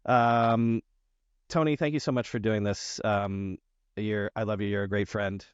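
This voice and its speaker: A man hosting a podcast in a casual interview, talking in a rambling, halting way with many fillers. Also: on the low side, fairly even intonation, clean tone, no room sound, lo-fi sound. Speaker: podcast host.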